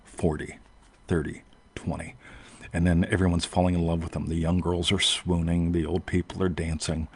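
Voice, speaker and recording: A man from the United States hosts a podcast, recounting a long personal story in a rambling, casual manner while breaking off mid-thought and often asking "right?" His deep voice has a breathy edge, a flat delivery, and a moderate pace.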